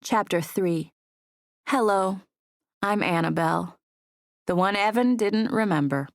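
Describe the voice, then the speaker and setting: A woman reading an audiobook in a steady storytelling manner. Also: medium pitch, measured pace, no room sound, clean studio sound. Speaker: audiobook narrator. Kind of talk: scripted narration.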